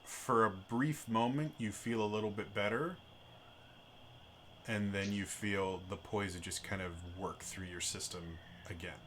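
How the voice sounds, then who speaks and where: A man narrating as game master of a tabletop game, casual and relaxed, with frequent fillers. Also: fairly low pitch, unhurried, a little hiss or hum.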